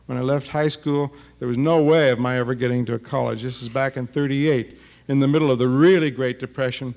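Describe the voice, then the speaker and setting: A man in his fifties, a writer giving a lively talk to an audience, animated and feisty and often tagging his remarks with a challenging "huh?". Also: medium pitch, brisk, vocal fry.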